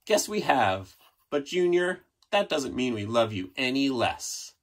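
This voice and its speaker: A man voicing a fond, gentle parent dog in a read-aloud picture story, speaking in a reassuring way. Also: mid-range voice, big pitch swings, unhurried, a little hiss or hum. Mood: tender.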